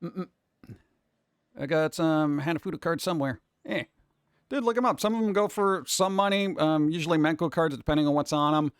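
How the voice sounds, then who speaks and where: A man's voice: on the high side, fairly quick, smooth, no room sound, studio quality. A man chatting casually on a livestream, rambling as he works and talking viewers through steps. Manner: rambling, talks to chat while doing tasks; hands-on, step-by-step instructions. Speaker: livestreaming artist.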